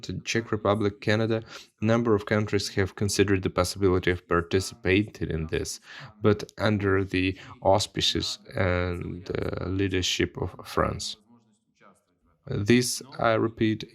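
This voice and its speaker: A man, a member of parliament, giving an earnest video statement and repeating his key points for emphasis. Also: low voice. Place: recorded separately from the studio.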